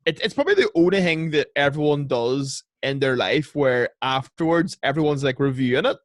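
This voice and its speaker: A man's voice: a little high, lively intonation, brisk, no echo. A young adult man, a comedian chatting casually over a video call, rambling with lots of restarts and "like". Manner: rambling, full of restarts and filler "like". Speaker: comedian podcaster. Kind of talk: casual chat.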